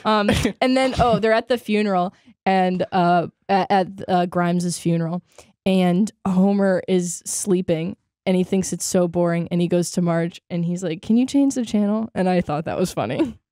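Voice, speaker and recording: A woman's voice: fairly low pitch, steady tone, moderate pace, darkish tone, dry recording. Easygoing woman co-host, dry mic. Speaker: podcast co-host. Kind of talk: casual chat.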